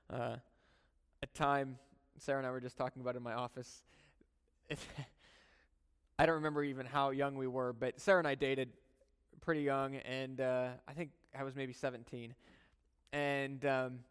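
A male pastor preaching a sermon in a conversational storytelling manner, moving between soft, earnest talk and loud, animated bursts. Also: medium pitch, moderate pace, long pauses, clean tone. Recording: long hall reverb.

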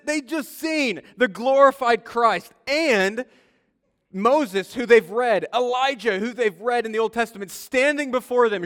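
A man's voice: very high-pitched, fairly bright tone, clear, resonant tone. A man in his thirties preaching a sermon, talking casually and telling stories that act out the people he quotes. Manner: conversational storytelling, acts out quoted voices. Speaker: pastor. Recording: long hall reverb.

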